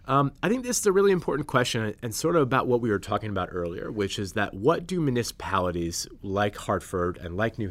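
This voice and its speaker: A man, a state legislator, answering listener questions on a podcast in an earnest, explanatory way, setting out his points one by one. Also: lowish voice. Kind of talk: podcast policy discussion.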